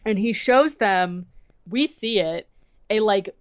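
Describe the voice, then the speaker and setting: Taking her time, a woman with a medium-pitched voice walks through a movie scene by scene as she co-hosts a podcast. She's chatty, leans heavily on "like," and voices the characters and her own reactions, all in lo-fi sound with no room sound.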